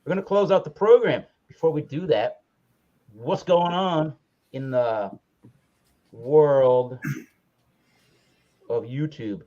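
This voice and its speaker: A man's voice: fairly high pitch, takes it slowly, long pauses, mellow. A man hosting a casual livestream chat, rambling and often correcting himself as he talks. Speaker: livestream host. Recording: slightly dull lo-fi audio.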